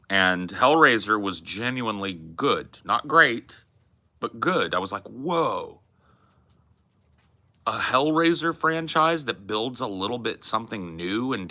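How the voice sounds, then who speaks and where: A man's voice: deep voice, sharp tone. A man hosting a podcast, riffing in casual, profane and emphatic chat about movies. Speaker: podcast host.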